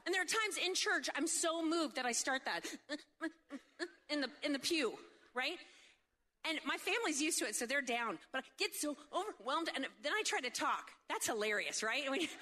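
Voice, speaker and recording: At a faith event, a woman gives a humorous sermon in a high, bright voice, animated and jokey with plenty of quick asides. She constantly seeks the crowd's agreement through rhetorical questions.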